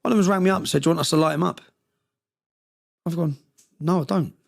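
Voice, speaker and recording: Fast-talking gravelly man. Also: a little high. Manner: rapid and intense, keeps checking in with "yeah?"; recounting with quoted dialogue. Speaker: interview guest. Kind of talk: casual storytelling in an interview.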